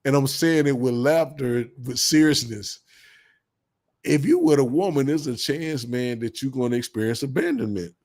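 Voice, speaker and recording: Man, mid pitch, blunt preachy vlogger who repeats his points. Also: moderate pace, a little mellow. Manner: blunt, preachy, heavy slang, repeats insults with bursts of laughter. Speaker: commentary vlogger. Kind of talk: casual advice monologue.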